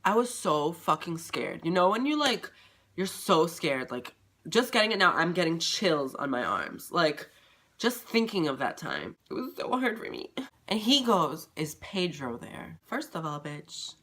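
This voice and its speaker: Brief: male vlogger, bright sharp tone, animated and profane storyteller. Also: a little high, a little slow. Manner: animated, profane, dramatic retelling. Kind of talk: casual storytime.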